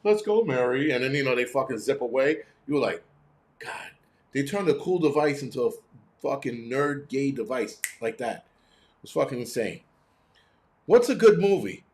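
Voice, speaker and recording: A man's voice: mid-range voice, expressive, normal speed. A middle-aged man hosting a live stream, ranting with heavy profanity and sarcasm while answering chat. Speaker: host.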